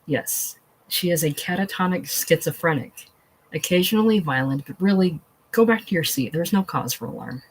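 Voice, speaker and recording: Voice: mid-range voice, lively intonation, moderate pace, breathy edge, poor audio. A reader doing a fussy, polite old man. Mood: flustered. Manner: genteel, flustered.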